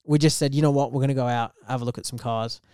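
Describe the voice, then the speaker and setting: A young man, co-hosting a podcast and telling a story in lively casual chat, acting out the voices of the people in it. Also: mid-range voice, fast talker, clean tone, no room sound, clean studio sound. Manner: animated storyteller, acts out quoted voices. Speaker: podcast co-host.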